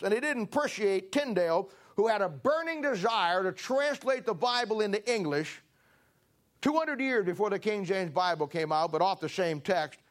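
A man's voice: high voice, a bit bright. A man preaching a sermon in an emphatic, folksy way, with rising bursts. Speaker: pastor.

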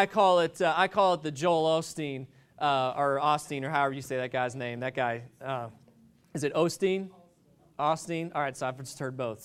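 A man's voice: a little high, clear, resonant tone. A man preaching a sermon, telling stories in a rambling, joking way with many restarts.

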